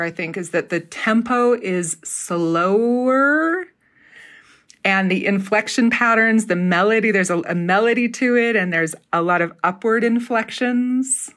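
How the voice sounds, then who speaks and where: Woman, middle-aged, from Utah, dialect coach, animated explainer, mid-pitched voice, casual interview. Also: measured pace. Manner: animated, acts out accents while explaining. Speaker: dialect coach and theatre professor.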